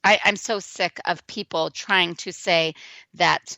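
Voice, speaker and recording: Bright, chatty talk-radio woman. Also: on the low side, fairly even intonation, takes it slowly, vocal fry, no echo. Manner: chatty, rambling, lots of restarts. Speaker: radio show co-host. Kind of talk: casual political talk radio chat. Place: radio studio.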